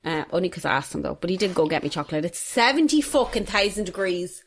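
A woman's voice: on the low side, sing-song, fast talker. Young woman chatting w a friend, swears a lot, dry sarcastic comments. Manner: blunt, sweary, sarcastic asides. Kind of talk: casual chat.

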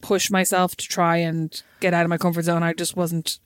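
An Irish woman co-hosting a podcast, chatting casually with lots of "like" and "you know what I mean", in a low voice. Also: level tone, moderate pace, dry recording, clean studio sound. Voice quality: low-pitched speaking voice. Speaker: podcast co-host. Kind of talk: casual chat.

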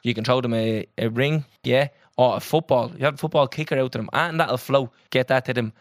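A young Irish man co-hosts a podcast, telling a story in an animated, sweary, casual chat. His mid-range voice moves fairly quickly, and the recording is dry with clean studio sound.

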